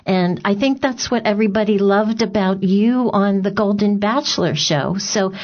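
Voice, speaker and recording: A woman hosting a radio talk show, enthusiastic and quick to affirm her guest. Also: medium pitch, dull audio. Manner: enthusiastic, frequent affirming murmurs.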